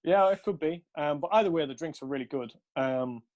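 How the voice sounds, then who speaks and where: A man's voice: on the high side, fairly quick, a little mellow. A young man, casually telling a rambling night-out story, laughing and swearing between fillers. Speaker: podcast co-host.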